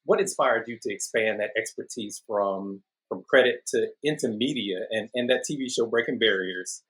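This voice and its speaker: A man's voice: fairly low pitch, moderate pace, a bit bright, breathy edge, poor audio. A man hosting a casual interview, chiming in with short, encouraging remarks and questions. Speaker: podcast host.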